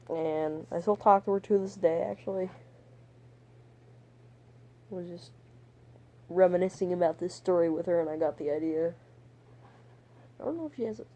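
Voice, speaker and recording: A man's voice: high-pitched, mellow, slight background noise. A young man telling a story in a rambling vlog monologue, crude and profane, trailing off topic and muttering whispered asides. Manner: meandering, drifts off topic. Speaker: vlogger.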